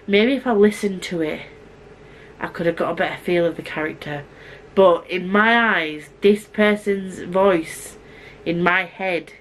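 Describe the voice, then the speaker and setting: A fast, chatty woman reviewing books on her vlog. She gushes and piles on asides and restarts, with her voice at an ordinary middle pitch. A faint hum of room noise sits behind her. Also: low-quality recording. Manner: fast-talking and gushing. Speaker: book vlogger. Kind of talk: casual book review vlog.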